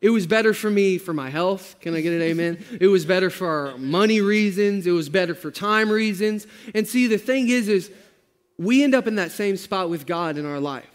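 Guy pastor preaching, high pitched, jokey and loose, says bro a lot. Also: moderate pace, smooth, in a large hall. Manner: casual storytelling, playful and laughing, slangy. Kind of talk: sermon.

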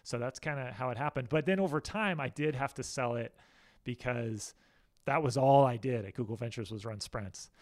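A man's voice: medium pitch, moderate pace, no echo. Candid, rambling American man. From United States. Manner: candid, rambling, self-deprecating. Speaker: interview guest. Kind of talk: casual interview talk.

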